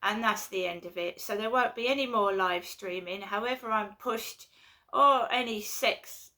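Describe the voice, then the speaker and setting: A woman's voice: medium pitch, moderate pace, pushed and bright. A woman, ranting and swearing in a home vlog, repeating herself as she gets worked up. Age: 50s. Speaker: vlogger. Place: at home indoors.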